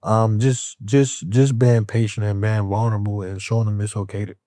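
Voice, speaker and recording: A man's voice: on the low side, normal speed, dry recording, studio quality. A man talking as a podcast guest in a candid conversation, with streetwise speech, often checking in with "you know what I'm saying". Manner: animated and laughing when talking about friends.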